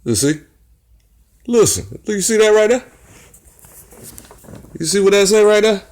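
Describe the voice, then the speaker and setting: A channel host with a high-pitched, slightly mellow voice and lively intonation teaches viewers at a measured pace in a casual livestream. He teases, speaks directly to chat, and peppers them with rhetorical questions.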